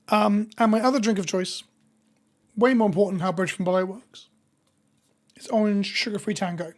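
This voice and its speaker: A woman with a hoarse voice, chatting casually with viewers on a live stream. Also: mid-range voice, normal speed. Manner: chatty, reads viewer names and jokes with chat.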